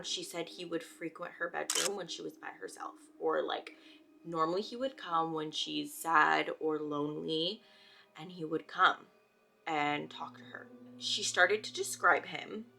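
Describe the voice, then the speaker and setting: A young woman from the Bay Area telling a true ghost story in a chatty way, full of "like" fillers, dropping to a hush at the creepy parts. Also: lowish voice, creaky. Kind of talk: casual spoken storytelling. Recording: soft music behind the voice.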